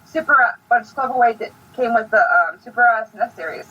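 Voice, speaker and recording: A woman co-hosting a casual fan podcast, chatty and hesitant, often pausing on fillers. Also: a little high, animated, husky. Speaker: podcast co-host. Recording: distant, dull lo-fi mic.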